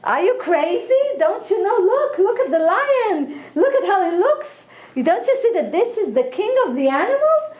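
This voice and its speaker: Woman doing a squeaky indignant fox. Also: very animated, moderate pace, few pauses, darkish tone. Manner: indignant, fawning. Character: sly male fox servant, flattering and excitable. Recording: echoey room.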